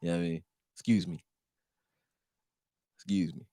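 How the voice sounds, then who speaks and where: A man talking casually on a sports live stream, profane and animated, answering his chat. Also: low-pitched, normal speed, dry recording.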